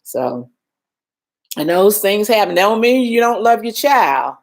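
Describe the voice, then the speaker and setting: An older woman hosting a casual live stream, talking emotionally, reassuring viewers and reading their comments aloud, shaken and trying to calm down. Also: mid-range voice, a little slow. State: shaken, calming down.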